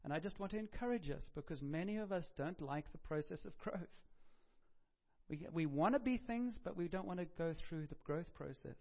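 Gravelly-voiced man preaching, lo-fi sound. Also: on the high side, expressive, moderate pace. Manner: conversational, with humorous asides and self-corrections. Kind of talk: sermon. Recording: dull lo-fi recording.

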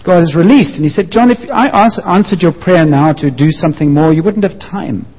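A man's voice: on the high side, fairly quick. A man preaching a sermon, sharing his own story in an earnest, personal way. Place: church. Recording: muffled echoing church hall.

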